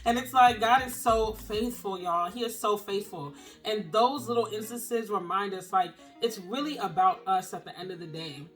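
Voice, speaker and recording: A woman's voice: mid-range voice, normal speed, few pauses. A young single-mom vlogger talks straight to camera, earnest and openly emotional. Her phrasing is casual and encouraging, and faint music plays underneath her voice. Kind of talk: heartfelt encouraging talk to camera.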